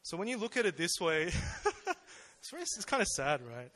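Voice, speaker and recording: Young guy preaching casually, kinda high bright voice, lots of um and like, asks the crowd stuff. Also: sing-song, fairly quick. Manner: informal, with many fillers and rhetorical questions. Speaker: church speaker. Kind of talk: casual conversational sermon.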